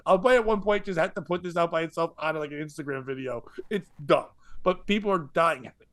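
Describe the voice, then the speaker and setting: A man's voice: a little high, fast talker, fairly bright tone. A stand-up comedian co-hosting a podcast, telling a rambling story full of fillers and chuckling at his own tale.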